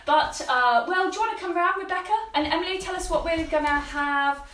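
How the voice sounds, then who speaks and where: A woman with a very high-pitched, fairly bright voice speaks briskly, and the sound is roomy. She hosts a casual live cleaning-product show streamed from her home kitchen, chatty and upbeat as she greets viewers by name.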